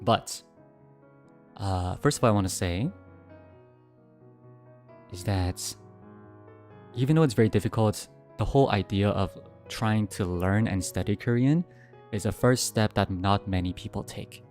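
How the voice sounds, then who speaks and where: A man's voice: a little slow, long pauses, faint music behind. Chatty young man telling stories. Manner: animated storytelling, jumps to high yelps when recounting fear. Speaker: streamer. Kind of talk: casual Q&A livestream chat.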